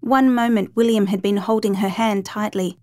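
A woman narrates a scripted story with a measured, dramatic delivery. Her voice sits in a middle pitch. The recording is dry and close. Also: fairly even intonation, darkish tone, no echo.

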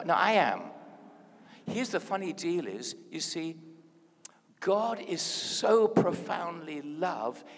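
Animated man preaching, gravelly voice. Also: on the high side. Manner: animated, playful, swings from hushed to loud. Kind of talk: sermon. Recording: hall reverb.

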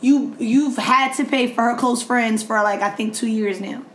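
A woman co-hosting a podcast, chatting casually, animated and laughing, swearing freely. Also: a little high, moderate pace, reverberant. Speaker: podcast co-host. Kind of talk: casual chat.

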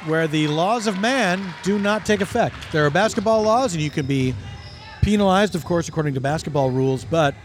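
Playful guest commentator, noisy court. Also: male voice, high-pitched, brisk. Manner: dry, playful riffing. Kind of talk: comedic basketball commentary.

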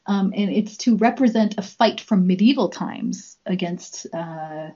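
A woman's voice: medium pitch, a little slow, mellow, breathy edge. A woman co-hosting a casual news chat, talking in a giggly, chatty way, on a dull lo-fi recording. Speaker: co-host and musician.

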